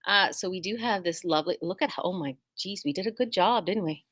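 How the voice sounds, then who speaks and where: Woman, middle-aged, bright clear voice, casual rambling chat, self-deprecating asides. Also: on the low side, moderate pace. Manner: chatty, tangent-prone, self-deprecating, lively asides. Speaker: quilt shop owner and host.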